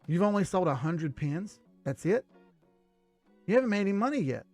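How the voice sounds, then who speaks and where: A man voicing a blunt male investor who dismisses a pitch and drives a hard bargain. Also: sing-song, moderate pace, a little mellow, soft background music, heavily acted.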